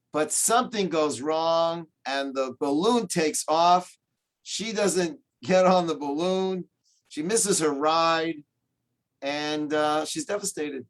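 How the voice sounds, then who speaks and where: A man teaching as a rabbi over a video call, telling a story with jokes in a lively, animated way. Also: a little high. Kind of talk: humorous storytelling lecture.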